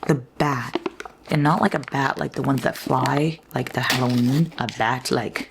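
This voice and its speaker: Casual book vlogger, woman, 20s: low, gravelly, rambling, sweary, drops to whispers. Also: steady tone, unhurried, background noise. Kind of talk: casual reading vlog.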